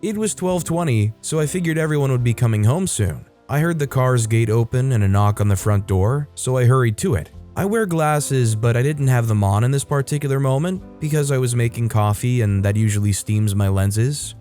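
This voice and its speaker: A man narrating online stories aloud, reading them in an expressive way and shifting his tone for quoted dialogue. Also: mid-range voice, brisk, hardly any pauses, faint music behind. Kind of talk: scripted story narration.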